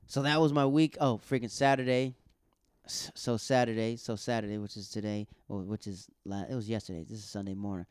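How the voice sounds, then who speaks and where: A man's voice: mid-range voice, quick pace, clean tone, dry recording, clean studio sound. A young man, a stand-up comedian from the American South, casually recounting his week of gigs and acting out the quotes. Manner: loose, animated retelling with acted-out quotes. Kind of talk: casual storytelling monologue.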